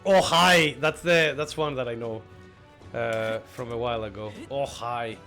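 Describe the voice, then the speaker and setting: A man, not a native English speaker, chatting excitedly and laughing through live gameplay commentary. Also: medium pitch, a little slow, faint music behind. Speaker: streamer.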